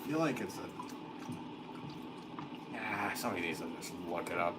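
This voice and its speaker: A man talks loosely to his live-stream viewers from a pottery studio, wandering between thoughts and joking at his own expense. His voice sits on the low side. A steady layer of background noise runs under everything. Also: normal speed. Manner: rambling, self-deprecating, chuckling. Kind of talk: casual live-stream chat.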